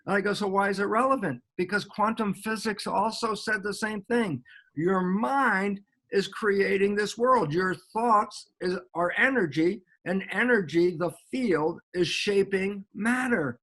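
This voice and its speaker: A man's voice: high-pitched, takes it slowly. An American man, a guest biologist, explaining ideas in an interview and acting out little back-and-forth dialogues as he goes. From United States. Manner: animated, acts out little dialogues.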